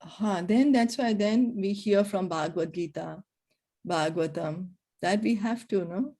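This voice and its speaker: A woman teaching a scripture class, explaining verses and telling stories with gentle emphasis. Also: mid-range voice, unhurried.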